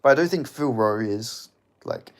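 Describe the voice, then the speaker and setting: A man's voice: mid-range voice, animated, normal speed, gravelly. Joking, sweary Australian man. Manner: loose and joking, swears often, laughs between lines. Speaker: livestream host. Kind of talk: casual livestream chat, reading viewer comments.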